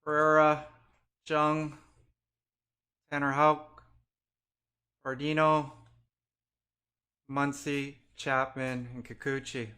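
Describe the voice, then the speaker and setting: A man's voice: fairly high pitch, flat delivery, extremely slow, long pauses, sharp tone. A man hosting a live card break, calling out player names one by one as he opens packs and chatting with viewers. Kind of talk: live-stream pack opening.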